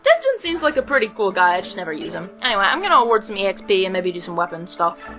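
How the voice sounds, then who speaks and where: A woman's voice: mid-range voice, sing-song, fast talker, pushed and bright, soft background music, rough recording. A woman hosting a let's play, giving casual rambling commentary with self-mocking asides.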